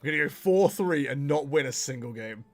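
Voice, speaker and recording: Young man, casual streamer chat, slightly high voice, self-mocking, frequent laughter. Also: lively intonation, fairly quick, faint music behind. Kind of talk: casual livestream chat while playing.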